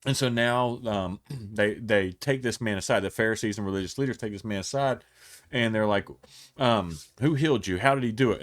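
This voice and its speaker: Lower-pitched man, pastor type, casual Bible teaching, chatty and unpolished with restarts. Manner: conversational, retells scripture in everyday speech with acted quotes; frequent restarts and fillers.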